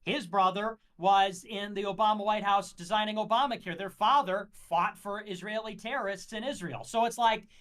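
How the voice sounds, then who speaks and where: A man talking in a heated livestream debate, making his case in a measured, lecturing, argumentative way. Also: high-pitched, a bit bright. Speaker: guest.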